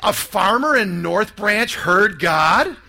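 Bright, high-voiced man telling a dramatic testimony. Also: expressive, slow, vocal fry. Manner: dramatic storytelling, sinking to hushed tones and rising to loud outbursts. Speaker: speaker giving a testimony. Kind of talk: emotional testimony talk to a live audience.

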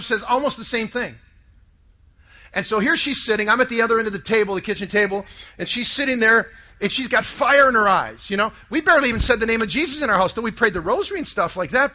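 A man in his sixties gives an emotional testimony to a live audience, with a bright, ringing tone and a fairly high voice. He tells it dramatically, dropping to near-hushed tones before swelling into loud outbursts. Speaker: speaker giving a testimony.

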